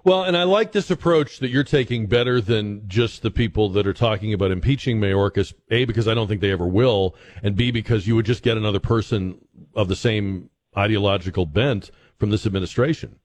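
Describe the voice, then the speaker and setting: A man's voice: fairly low pitch, a little fast, a little mellow. A man hosting a radio talk show, asking long questions in a conversational way. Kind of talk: radio interview.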